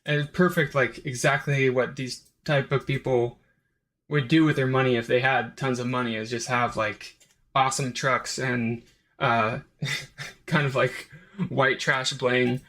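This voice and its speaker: A man's voice: medium pitch, steady tone, unhurried, a bit bright. A man hosting his own review channel, talking in a rambling, unscripted way with lots of "like" and "um" fillers. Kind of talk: casual unscripted review monologue.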